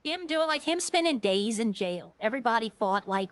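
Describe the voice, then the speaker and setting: A woman's voice: fairly high pitch, expressive, moderate pace, dry recording, poor audio. A woman streamer chatting casually while playing a game, rambling and earnest, often restarting her sentences.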